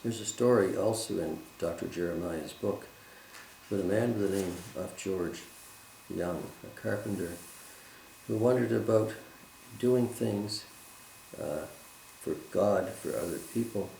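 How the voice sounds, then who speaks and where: A man with a very deep, gravelly voice leads a Bible study in an earnest, measured way and reads scripture aloud. The room is echoey and has a faint hiss behind him. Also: dark tone.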